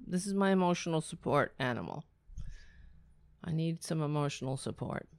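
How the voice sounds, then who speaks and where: A woman's voice: low-pitched, expressive, normal speed, no echo. A woman giving solo commentary, indignant and incredulous, firing rhetorical questions and letting her voice jump up when outraged. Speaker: political commentator.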